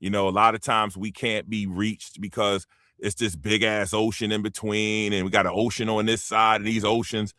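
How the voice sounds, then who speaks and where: A man's voice: fairly low pitch, moderate pace, no echo, studio quality. A man from the United States hosting his own show, rambling through casual opinion commentary and talking straight to his listeners. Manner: animated, rambling, emphatic, addresses listeners directly. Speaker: show host.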